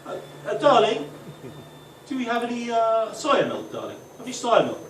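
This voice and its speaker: A man putting on a high, prissy voice to play a pampered man ordering fussy coffee, heard from far off in an echoey, noisy room. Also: huge pitch swings, normal speed, full character voice. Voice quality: prissy and pleading.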